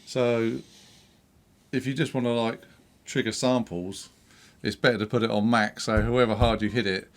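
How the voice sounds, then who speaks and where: A man explains settings in a calm, steady way while co-hosting a casual gear demo. His voice sits in a middle pitch and sounds plain and even. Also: normal speed, long pauses. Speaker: co-host.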